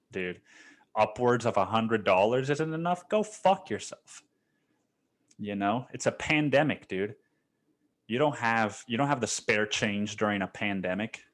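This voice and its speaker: A man's voice: fairly low pitch, fairly bright tone. Rambling, profane man podcasting solo. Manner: rambling and profane, says "dude" constantly; loose, laid-back storytelling with restarts. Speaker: podcast host. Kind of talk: casual solo podcast monologue.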